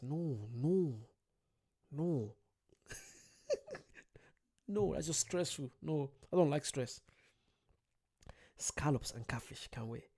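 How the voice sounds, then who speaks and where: A young streamer from Ireland chats loosely on a livestream in a mellow, warm, medium-pitched voice. He reads viewer comments aloud, rambles, and makes jokes at his own expense.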